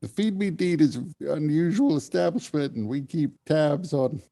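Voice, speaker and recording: A man playing a calm innkeeper with a mellow, dark-toned voice who stays polite and reasonable when he gives out warnings. He keeps his tone easy and unhurried throughout. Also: fairly high pitch, gravelly, voice pushed up. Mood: mild warning. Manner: mild, reasonable, gently warning. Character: innkeeper Brass, a calm, polite tavern keeper.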